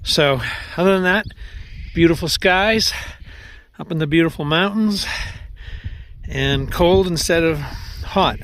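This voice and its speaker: A man's voice: fairly high pitch, a bit bright. Guy vlogging his thru-hike outside on a mountain trail, rambly, stops and restarts a lot, bit of wind hiss. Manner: rambling, with frequent pauses and restarts. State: out of breath. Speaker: long-distance hiker vlogger. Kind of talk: trail vlog.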